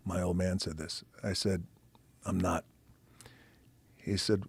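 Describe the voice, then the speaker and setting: A man telling a personal story as a podcast guest. He talks in an animated way, swears freely, acts out the people he quotes, and drops to a whisper at times. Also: sits low, normal speed, husky, dry recording. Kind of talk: casual storytelling.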